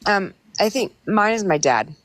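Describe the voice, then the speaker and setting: A woman's voice: medium pitch, animated, normal speed, fairly bright tone, no echo. A woman on a podcast panel who talks bluntly and plainly in casual chat. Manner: blunt, plain-spoken, with fillers.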